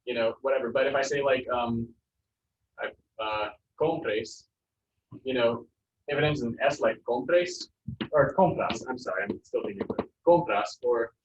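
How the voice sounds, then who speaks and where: A man teaching a Spanish class, relaxed and jokey, with many fillers. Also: mid-range voice, moderate pace, a little hiss or hum. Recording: roomy, distant, muffled classroom sound.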